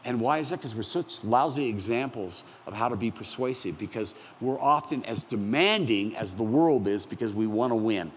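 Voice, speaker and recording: A pastor in his sixties preaching a conversational, animated sermon with self-deprecating asides. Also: mid-range voice, moderate pace, hardly any pauses, slight background noise. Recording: long hall reverb, faint ambience.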